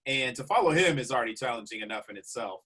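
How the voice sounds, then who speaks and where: A man, a comedian guest, telling a road story in a casual, animated way with frequent laughs. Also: medium pitch, fast, slightly rough.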